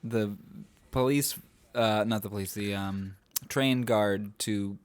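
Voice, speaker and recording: A young man co-hosting a casual movie podcast, joking, laughing and shouting out quoted lines. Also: fairly low pitch, steady tone, takes it slowly, clear, resonant tone, no echo. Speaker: podcast co-host.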